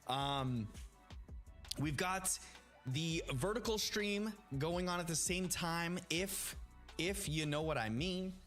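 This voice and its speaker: A man's voice: on the high side, slow pace, long pauses, a bit bright. A man chatting casually to viewers during a live stream, upbeat and greeting people by name. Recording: faint music behind.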